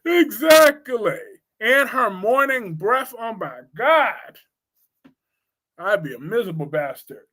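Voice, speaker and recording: A man's voice: high-pitched, expressive. A man hosting a live soap opera talk stream, chatting casually and answering chat comments in a blunt, crude, gossipy way with teasing outbursts. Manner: teasing, quick swings in loudness.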